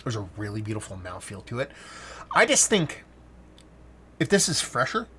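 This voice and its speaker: A man's voice: on the low side, wildly swooping pitch, moderate pace, fairly bright tone, a little hiss or hum. A man talking casually into a standalone mic, reviewing a beer in a rambling way, stopping and restarting his sentences and swearing now and then.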